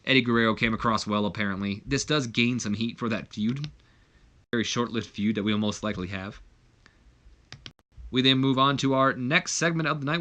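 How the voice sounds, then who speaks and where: Male gaming narrator, casual chatty recap delivery, bright tone. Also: medium pitch. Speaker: video game commentator. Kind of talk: casual game playthrough narration.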